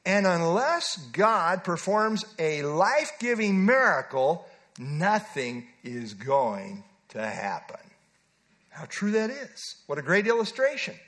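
A man's voice: sits high, sing-song, slow, fairly bright tone. A male pastor preaching an earnest expository sermon who now and then acts out the lines he quotes.

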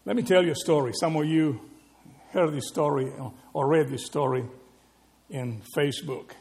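A man preaching a sermon, animated and conversational, often asking his listeners "right?". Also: on the high side, normal speed. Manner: animated, rhetorical questions with frequent "right?". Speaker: pastor.

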